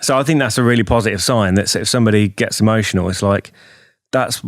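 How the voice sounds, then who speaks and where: A man's voice: lowish voice, fast talker, no room sound, studio quality. A man hosting a podcast, reflective and supportive, giving frequent short "yeah" replies. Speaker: podcast host. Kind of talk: casual interview chat.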